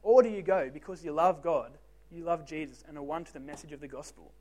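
His voice sits on the high side, quick and dark-toned, as this young man delivers a laid-back youth group talk. Joking and self-mocking, he keeps questioning the teens directly.

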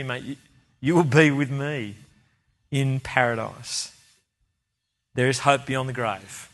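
A man delivering a sermon in an earnest, emphatic way. His voice sits at an ordinary middle pitch for a man. He leans on repeated phrases to drive each point home. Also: a bit bright. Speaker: preacher.

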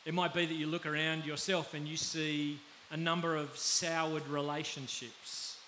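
A man with an Australian accent preaching a conversational sermon, often pausing to check in with his listeners. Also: on the high side, level tone, bright, forceful tone. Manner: conversational, pauses to ask the audience. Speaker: pastor. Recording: faint background hiss.

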